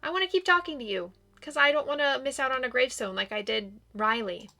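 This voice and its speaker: A woman's voice: high-pitched, lively intonation, quick pace, sharp tone. A woman hosting a let's play, making wry, sarcastic asides as she reads through a game. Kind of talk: gameplay commentary.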